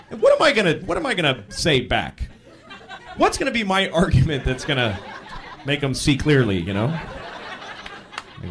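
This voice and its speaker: A man performing a stand-up comedy routine, telling exasperated stories and bursting into shouted acted-out lines. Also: fairly high pitch, sing-song, a little fast, background noise. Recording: live club with laughing crowd.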